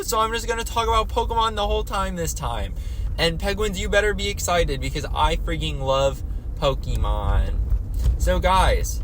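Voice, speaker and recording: A young man hosts his solo podcast from inside a moving car, talking in a rambling, playful way. His voice sits a bit high, and it jumps into goofy squeaks now and then. Steady engine and road noise runs under everything he says. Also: normal speed. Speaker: podcast host. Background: car and traffic noise.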